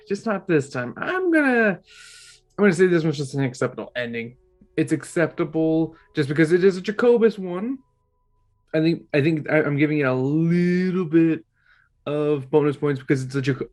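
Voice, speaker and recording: A man giving a casual, rambling review with frequent restarts and casual swearing, recorded at home in an apartment. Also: a little high. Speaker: book club host ranking covers.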